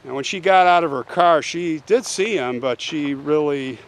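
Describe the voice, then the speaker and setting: Speaking at a normal speed in a slightly high voice, this host walks through a true crime case. His retelling is casual and chatty, and he frequently asks the listener "right?"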